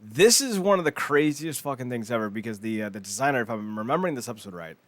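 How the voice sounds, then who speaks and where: A man's voice: medium pitch, animated, quick pace, fairly bright tone. A man co-hosting a podcast, recapping a TV show in casual chat, rambling, swearing and stumbling over his words. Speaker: podcast co-host.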